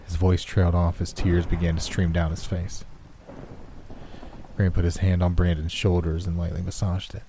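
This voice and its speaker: A man reading a horror story aloud in measured scripted narration. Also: low-pitched, little pitch movement, mellow, a little hiss or hum. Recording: rain and thunder sounds behind.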